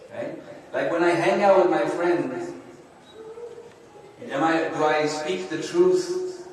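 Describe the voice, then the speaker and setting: Man preaching in an echoey hall. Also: a little high. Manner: conversational, often adds tag questions "right?" and "yeah?". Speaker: sheikh giving a religious lecture. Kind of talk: sermon. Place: Islamic center lecture hall. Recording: echoey hall, heard from a distance.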